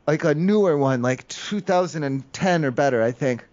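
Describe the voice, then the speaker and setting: Prank caller, male, fairly high voice, rambling and meandering, muffled lo-fi phone audio. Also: lively intonation, moderate pace, darkish tone. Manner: rambling, meandering storytelling with many fillers.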